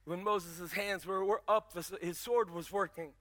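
A man's voice: high voice, fairly even intonation, unhurried, fairly bright tone, a little hiss or hum. A man in his fifties preaching a sermon, telling stories with rising emphasis and building to emphatic calls. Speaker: pastor.

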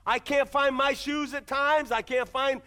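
Male pastor, sermon in church, high bright tone, emphatic rhetorical delivery. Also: steady tone, a little slow. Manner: emphatic preaching with repeated rhetorical questions.

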